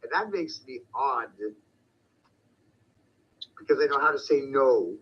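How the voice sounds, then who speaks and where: A man's voice: medium pitch, lively intonation, measured pace, breathy edge. A man delivering a profane, confrontational monologue as an online commentator. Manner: profane, confrontational, shouting at times. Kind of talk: ranting monologue. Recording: dull lo-fi sound.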